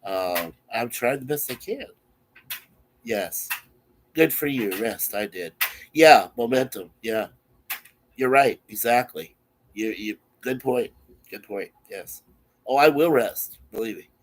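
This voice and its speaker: A man's voice: mid-range voice, expressive, takes it slowly, pauses often. Sick man chatting casually on webcam. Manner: easygoing, rambling, chatty. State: sick, coughing. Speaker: streamer.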